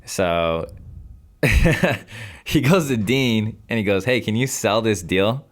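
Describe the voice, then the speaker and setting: Young man, deep low voice, casual podcast storytelling, acts out his own calls. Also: lively intonation, slow. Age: 20s. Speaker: podcast guest, real estate investor.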